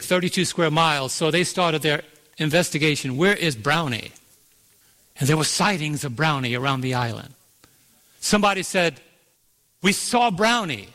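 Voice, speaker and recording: Pastor guy preaching in a big echoey church, kinda high voice, stretches words out for effect. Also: pushed and bright. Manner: storytelling preacher, slows and stretches key words, asks the congregation questions. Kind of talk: sermon. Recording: long reverb of a large hall.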